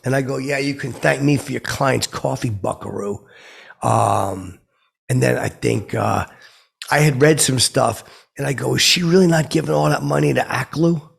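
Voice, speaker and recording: A man playing a gravelly, rambling oddball storyteller. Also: mid-range voice, moderate pace. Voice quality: gravelly, husky voice. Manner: meandering, awkward storytelling with nervous asides. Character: rambling, starstruck oddball man telling celebrity stories. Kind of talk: comedic character podcast monologue.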